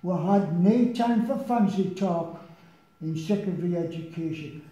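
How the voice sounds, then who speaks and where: A man's voice: high-pitched, measured pace, warm tone. A man in his nineties reciting a comic poem in the voice of a wry young soldier with a Geordie accent, in a broad, sing-song dialect. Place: village hall. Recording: echoey hall, dull lo-fi sound.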